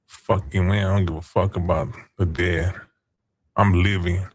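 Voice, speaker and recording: Brief: livestream host, male, low voice, mocking trash talk, swears freely. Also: fairly even intonation, a little slow, husky, dry recording. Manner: taunting, trash-talking chat users; crude, profane slang. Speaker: stream host. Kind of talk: casual livestream chat.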